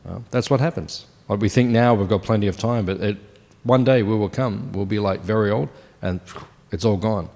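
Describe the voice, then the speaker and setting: A man in his fifties gives a scripture class in a temple hall. His voice sits fairly low. He speaks loosely and conversationally, and he often turns questions to the room. The sound rings with a long hall reverb. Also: moderate pace, a little mellow. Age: 50s. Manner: conversational, asks the audience questions.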